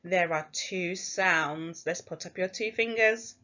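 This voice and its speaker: On a lo-fi recording, an English-accented primary school teacher runs a phonics lesson for small children. She sounds out each letter slowly and offers sing-song, encouraging praise in a lowish voice that is bright and forceful.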